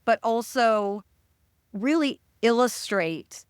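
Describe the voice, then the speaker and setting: A woman's voice: fairly high pitch, animated, slow pace, smooth, no room sound, clean studio sound. A woman hosting an interview, speaking personally and reflectively as she asks her questions. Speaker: interview host, sports reporter. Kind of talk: conversational interview.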